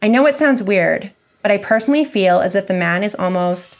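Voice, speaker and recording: A woman's voice: medium pitch, expressive, brisk, natural voice. A woman voicing a cautious female diner manager who speaks hesitantly and guardedly.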